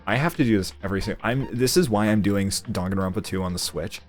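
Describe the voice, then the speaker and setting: A man's voice: fairly low pitch, fast talker, faint music behind. A young man streaming live, chatting casually, rambling and swearing freely.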